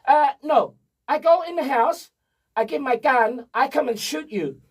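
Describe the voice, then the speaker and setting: A man doing a calm, gruff older Eastern European man. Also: very high-pitched, a little slow, recorded from a distance, voice pushed up. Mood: calm menace. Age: 60s. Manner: broken English, blunt and calm.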